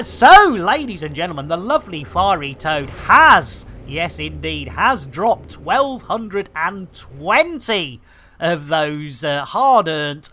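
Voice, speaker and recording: A man's voice: fairly high pitch, fairly bright tone. A man streaming a game live, chatting in a bawdy, theatrical, rambling way. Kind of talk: cheeky live-stream chat.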